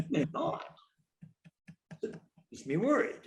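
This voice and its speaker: A man's voice: high voice, drawn-out words, reverberant. An older man, a guest in an interview, telling a funny anecdote and acting out each voice in it. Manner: animated storyteller, acts out dialogue with a lively voice. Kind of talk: storytelling anecdote.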